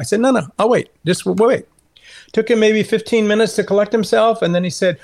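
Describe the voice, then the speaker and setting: High-voiced earnest male storyteller. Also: fast talker, gravelly. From California. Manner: earnest, animated storyteller who acts out quoted dialogue. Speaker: guest, Christian author. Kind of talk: storytelling in a conversational interview.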